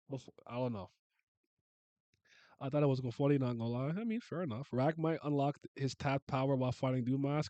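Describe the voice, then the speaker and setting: A man's voice: a little high, dry recording. Exasperated man ranting in a dry close mic. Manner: exasperated ranting, frequent exclaiming and stammered restarts. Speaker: webcomic reaction host. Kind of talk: casual reaction commentary.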